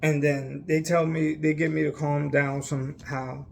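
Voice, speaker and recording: A man's voice: a little high, level tone, unhurried, creaky. A young man telling a long personal story in a casual, rambling way, emphatic and full of fillers. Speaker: vlogger.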